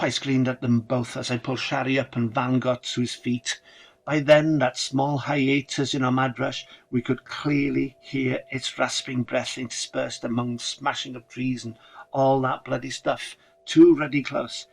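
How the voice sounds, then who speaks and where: A man's voice: mid-range voice, little pitch movement, unhurried, gravelly, breathy edge, low-quality recording. A man narrating a first-person horror story dramatically, with casual swearing.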